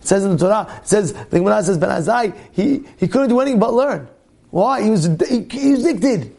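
A high-voiced man with a gravelly edge leads an animated Torah class as a rabbi. He keeps restarting his phrases in quick bursts and slips into other people's voices to make a point.

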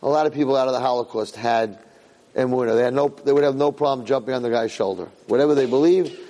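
A middle-aged man, a rabbi giving a Torah lecture, who tells a personal story in an animated, emphatic way and often repeats words and restarts phrases. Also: mid-range voice, fast, rough recording.

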